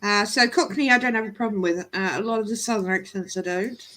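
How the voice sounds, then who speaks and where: A woman's voice: medium pitch, fairly quick, pushed and bright. A woman chatting casually on a live stream as co-host, laughing often and mimicking regional accents.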